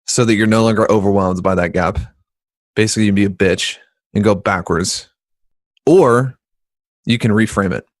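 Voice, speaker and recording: Joking, animated male podcast host. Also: fairly low pitch, normal speed, long pauses, no room sound. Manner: animated, joking, jumps into voices when quoting people. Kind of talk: casual business podcast chat.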